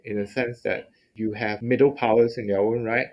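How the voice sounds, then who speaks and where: A man's voice: mid-range voice, steady tone, moderate pace, a little mellow. A man hosting a policy interview, conversational and leading into his questions with anecdotes.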